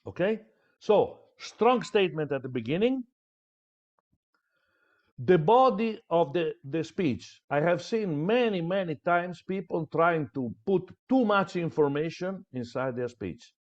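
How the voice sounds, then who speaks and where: A man's voice: fairly high pitch, lively intonation, unhurried. Emphatic man giving a speaking lesson. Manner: emphatic, repeats words for stress. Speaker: public speaking trainer. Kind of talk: training lecture. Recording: dull lo-fi sound.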